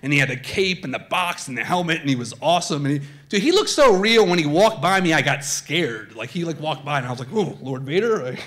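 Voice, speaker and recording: A man telling a comic true story live on stage, chatty and animated, slipping into voices. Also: on the high side, fast talker, few pauses. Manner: animated, conversational, swings into voices. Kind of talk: live comedic personal storytelling. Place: theater stage before a live audience.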